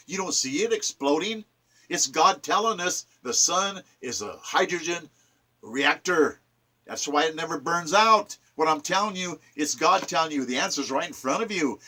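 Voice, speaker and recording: Fiery, sharp-voiced ranting man. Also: fairly high pitch. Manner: ranting, preachy, emphatic. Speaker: poet reciting and explaining his sonnets. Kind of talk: impassioned political commentary.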